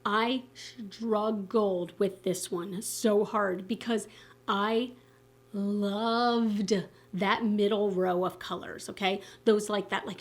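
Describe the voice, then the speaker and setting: A woman beauty vlogger chatting casually to camera, expressive and candid, with lots of fillers and self-corrections. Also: mid-range voice. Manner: enthusiastic and candid, swearing casually. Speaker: beauty YouTuber. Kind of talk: casual vlog chat to camera.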